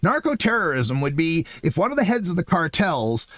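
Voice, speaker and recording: A man's voice: on the high side, normal speed, hardly any pauses, dry recording, clean studio sound. A man hosting a political commentary show, ranting with sarcasm and disbelief. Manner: sarcastic, incredulous, animated ranting.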